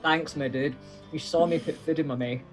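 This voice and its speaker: A man's voice: on the high side, steady tone, moderate pace. A man, a player joking and describing his character's actions. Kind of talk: tabletop game chat. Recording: online call with faint music behind.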